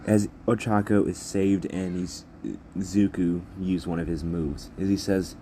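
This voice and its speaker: A man's voice: deep voice, fairly even intonation, unhurried, warm tone, slight background noise. A man narrating an improvised fan story in a rambling, repetitive way with many restarts.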